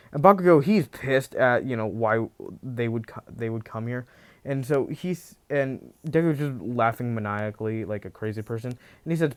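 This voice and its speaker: A man's voice: medium pitch, normal speed. A man casually telling a fan fiction story, rambling with many restarts and filler phrases. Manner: rambling, full of "you know" and restarts.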